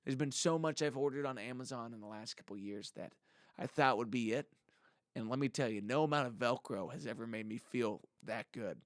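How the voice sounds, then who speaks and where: A man's voice: mid-range voice, a little fast, no echo, studio quality. A man, a musician vlogger, talking in a casual monologue to the camera in a rambling, heartfelt and jokey way.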